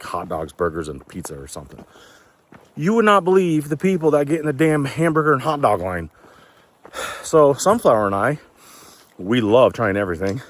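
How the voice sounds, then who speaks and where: A man telling casual, folksy stories while hiking outdoors, a little out of breath from climbing. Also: fairly low pitch. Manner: chatty, loose and folksy, swears casually. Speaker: thru-hiker vlogger.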